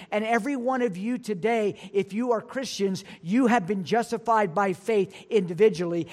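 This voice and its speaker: A man pastor preaching an earnest sermon, reading scripture aloud and slowing down to stress key points. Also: high-pitched.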